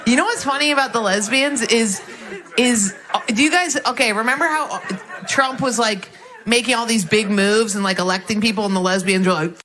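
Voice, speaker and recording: A woman's voice: fairly high pitch, moderate pace, pushed and bright, slight background noise. A woman doing a stand-up set, dry, mocking and casual as she tells her jokes. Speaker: stand-up comedian. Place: comedy club stage.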